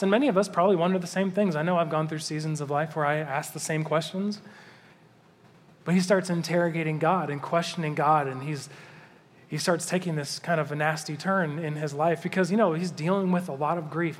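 A man with a high voice preaches to a congregation, loose and conversational. He slows down and leans into each passage he reads aloud. His voice rings out with a long reverb, as in a large church hall. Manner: conversational, animated, slows down to read scripture. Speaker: pastor. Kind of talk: sermon.

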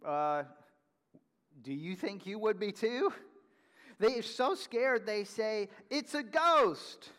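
A pastor with a high voice delivers an animated sermon, leaning hard on key words and then falling to a soft hush. His voice rings out with a long reverb, as if it fills a big church hall. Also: slow pace, pauses often. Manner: animated preaching, dropping to a hushed whisper at times.

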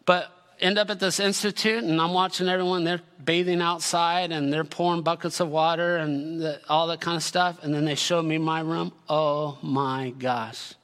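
A man in his forties, a pastor preaching a sermon with energetic, emphatic delivery that builds into shouted lists. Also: fairly high pitch, moderate pace, hardly any pauses, clear, resonant tone, long reverb tail.

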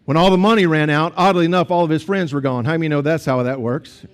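A man's voice: on the high side, fairly even intonation, fast talker. A man, a pastor preaching a sermon in a conversational storytelling way with asides to the congregation.

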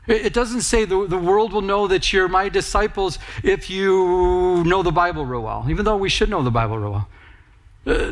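A man with a fairly high voice delivers a sermon in a church. He talks like a pastor chatting with his congregation, casual and storytelling. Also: a bit bright. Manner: casual, conversational storytelling with laughs. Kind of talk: sermon with personal stories.

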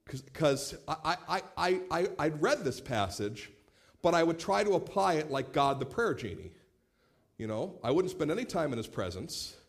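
A man in his late thirties preaching a sermon as pastor, animated, acting out quoted voices and repeating words as he starts phrases. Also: a little high, moderate pace. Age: 30s.

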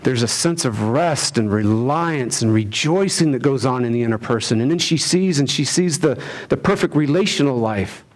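A man preaching a sermon, driving his points home with rhetorical questions and swinging between loud emphasis and hushed lines. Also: mid-range voice, expressive, moderate pace, hardly any pauses. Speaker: pastor.

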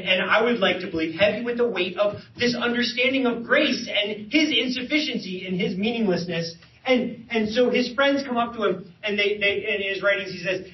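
A man sharing a testimony at a men's breakfast, in an earnest way, often repeating words as he searches for them. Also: high voice. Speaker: lay speaker. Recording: roomy hall, distant mic, dull sound.

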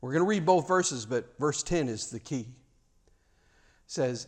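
A man's voice: mid-range voice, lively intonation, normal speed. A man preaching a sermon, emphatic, with rhetorical questions and repeated words.

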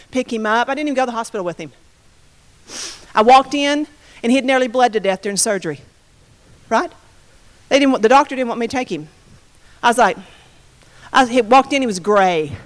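A woman giving a sermon testimony, telling her story in an animated way and acting out the quotes. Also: on the high side. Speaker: preacher. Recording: reverberant hall.

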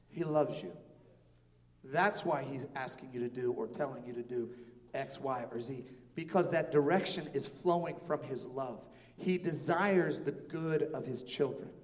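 A man in his thirties preaching a sermon as pastor, emphatic, repeating phrases and swinging between soft and loud delivery. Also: a little high. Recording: reverberant hall with faint music.

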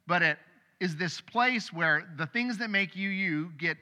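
Middle-aged pastor guy giving a sermon, kinda high voice, chatty with loud bursts, big church echo. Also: a little slow. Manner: conversational, animated preaching with sudden loud outbursts. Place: church sanctuary. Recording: long hall reverb.

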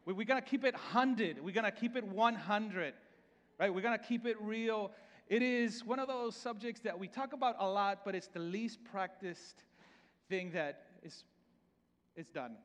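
A man's voice: sits high, normal speed, fairly bright tone, in a large hall. A man with a Salvadoran Spanish accent, a native Spanish speaker preaching a sermon in a conversational way, often repeating words and starting over. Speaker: pastor.

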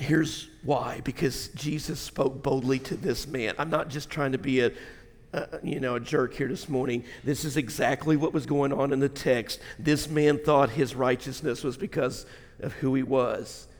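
A middle-aged man preaching a blunt sermon as pastor, swinging from shouts to a hushed near-whisper and speaking straight to his congregation. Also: medium pitch, fairly even intonation, moderate pace, long reverb tail. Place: church sanctuary.

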